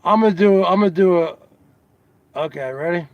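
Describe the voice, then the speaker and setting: A man hosting a casual comedy show, asking his audience teasing questions over and over in a drawn-out way. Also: high voice, no room sound, lo-fi sound. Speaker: host.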